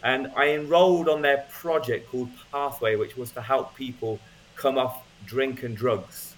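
A man shares his own story as a guest speaker, unhurried and conversational. His telling is loose and natural, with frequent ums and little restarts, and his voice sits in an ordinary middle pitch. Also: fairly even intonation. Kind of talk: personal testimony, casual storytelling.

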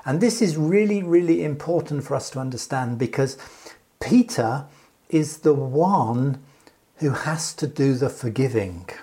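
A man preaching a sermon in a measured, unhurried way, pausing and restarting as he explains a scripture passage. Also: mid-range voice, expressive, mellow.

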